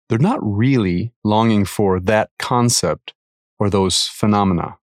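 Man reading a faith article out loud, low voice, dry close sound, steady and earnest. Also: no room sound. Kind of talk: reading a devotional article aloud.

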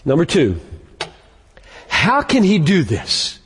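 A man preaching with a high, animated voice that leaps up and down. He speaks slowly and leans hard on key words, and his voice rings out with a long reverb like a large church sanctuary. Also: husky. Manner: emphatic preaching, slowing down to stress key words. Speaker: pastor. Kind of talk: sermon.

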